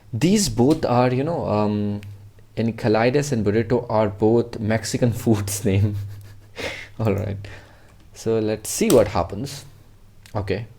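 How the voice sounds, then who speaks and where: A man's voice: medium pitch, warm tone. A man teaching a casual coding tutorial, rambling and swearing freely as he jokes with himself. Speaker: programming tutor.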